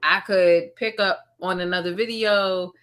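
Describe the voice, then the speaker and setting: Low-voiced woman, bright and candid. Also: fairly even intonation, a little slow, clean tone. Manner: candid, conversational, trails off and repeats words. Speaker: commentary channel host. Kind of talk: casual live-stream chat.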